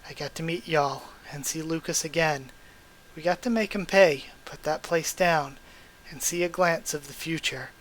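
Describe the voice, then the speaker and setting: A man voicing a weary, guilt-ridden adult male survivor, with a quiet, resigned reading voice. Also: a little high, moderate pace, close to an everyday voice, low-quality recording. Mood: wistful.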